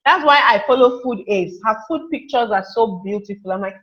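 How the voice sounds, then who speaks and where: A woman's voice: a little high, fairly quick, hardly any pauses, lo-fi sound. Chatty woman teaching online. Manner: chatty, reads out viewer comments. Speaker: webinar teacher. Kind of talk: live online class talk.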